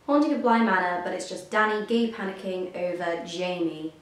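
With a voice on the low side at normal speed, a young woman vlogger rambles and gushes through a casual reaction commentary, dropping self-deprecating remarks. Faint music plays in a very echoey room.

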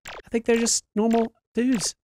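A man giving jokey, excitable commentary while playing a video game, yelping and laughing at what he sees. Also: very high voice, measured pace, slight background noise. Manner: jokey, yelps and laughs at the screen. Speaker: video game let's-player.

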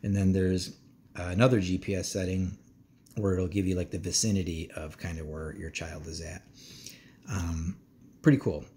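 Deep-voiced dad rambling thru a gadget review, lots of ums, faint hiss behind. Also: male voice, level tone, moderate pace, warm tone. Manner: laid-back, meandering, many ums and uhs. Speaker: parent reviewing a kid's smartwatch. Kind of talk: casual product review.

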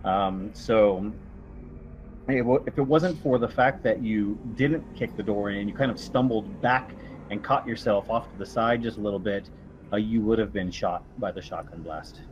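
A man narrating as game master in a tabletop horror game, describing events in a relaxed, halting way. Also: on the low side, a little hiss or hum. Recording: slightly dull lo-fi recording.

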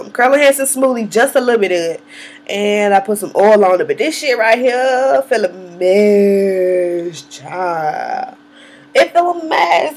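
A woman's voice: fairly high pitch, slightly rough. A young woman chatting casually to camera in a vlog, swearing freely and laughing often. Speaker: hair vlogger.

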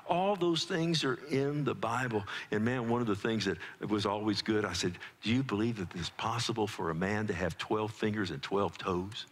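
A middle-aged man preaching a sermon as pastor, telling family stories in an animated way and often restarting his words as he talks to the congregation. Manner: animated storytelling with quick pitch jumps for quoted child voices; frequent restarts and conversational asides to the congregation. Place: church sanctuary.

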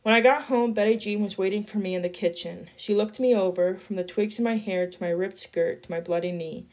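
A woman's voice: medium pitch, brisk. Woman reading a novel aloud. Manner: steady storytelling narration. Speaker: reader.

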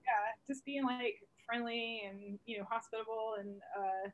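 A young woman, a comedian guest on a video call, telling stories in a lively, profane, laughing way. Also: fairly high pitch, moderate pace, lo-fi sound. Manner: animated, profane, laughing storyteller. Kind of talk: casual storytelling interview.

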